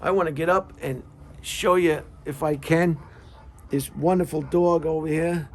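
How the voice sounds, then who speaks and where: A man's voice: on the high side, steady tone, measured pace, slight background noise. A man giving car service tips in a casual monologue, reading questions off a list and rambling with jokes and asides. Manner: rambling, repeats words, many fillers.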